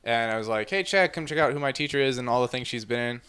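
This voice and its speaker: A young man co-hosting a casual podcast chat, excitable and geeky, quick to laugh. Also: mid-range voice, clean tone. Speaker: podcast co-host.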